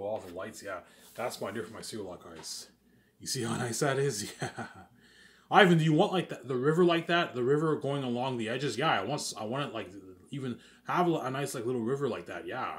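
A young man from Canada talks fairly quickly in a mid-range voice. Addressing his viewers, he boasts and daydreams about his plans in a rambling monologue that keeps repeating and restarting itself.

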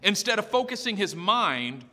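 A man's voice: sits high, big pitch swings, normal speed, bright, forceful tone, big-room sound. A male pastor preaching an emphatic, storytelling sermon with lots of repetition in a church.

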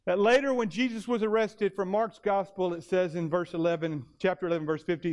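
High-voiced male pastor preaching dramatically. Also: steady tone, a little mellow. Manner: dramatic storytelling, slowing for emphasis. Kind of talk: sermon.

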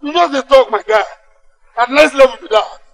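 A man's voice: extremely high pitch, normal speed, fairly bright tone, poor audio. An actor playing an agitated young male gang member with a Nigerian accent, speaking Pidgin English in an insistent, emotional way. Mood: sullen. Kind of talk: Nollywood film acting.

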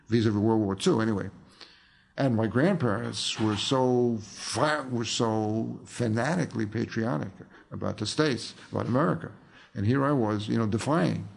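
A man's voice: on the low side, gravelly. An older man, an author and filmmaker, telling rambling anecdotes in a casual interview, full of fillers and restarts.

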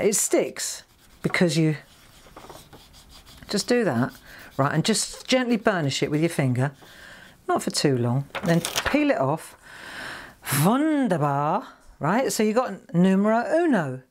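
A woman demonstrating a craft technique live, chatting and joking with her viewers as she goes. Her voice swings up and down freely, with a middle pitch for a woman. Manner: chatty, jokey, talks straight to viewers. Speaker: craft shop host demonstrating stamping.

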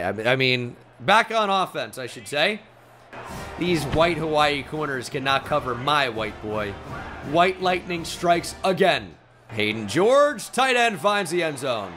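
A man's voice: medium pitch, pushed and bright. A young man giving casual, profane, joking commentary while playing a video game. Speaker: gaming YouTuber.

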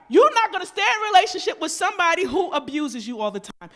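A woman pastor, preaching a lively, casual sermon. She talks with the congregation, mimics voices and moves between loud emphatic shouts and quiet asides. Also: extremely high pitch, fast talker, hardly any pauses.

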